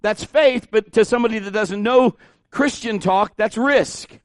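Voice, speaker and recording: A pastor with a fairly high male voice preaches a sermon informally and unhurriedly, with asides and restarts. He often rises in pitch and volume as he gets animated, and the recording is dry with no room echo.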